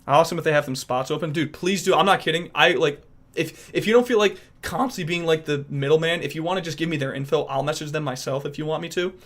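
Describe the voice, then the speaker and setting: Young male streamer; upbeat, bright, rambling casual talk. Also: on the high side, fast talker. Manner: animated, rambling, restarts often. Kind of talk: casual chat reacting to viewers.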